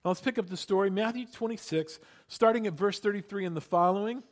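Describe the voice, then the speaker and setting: A pastor preaches with a high, bright tenor, bringing his stories to life by voicing the people in them. He hammers key points home by repeating them slowly and deliberately. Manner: animated storytelling, acting out quotes; emphatic repetition. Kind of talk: sermon.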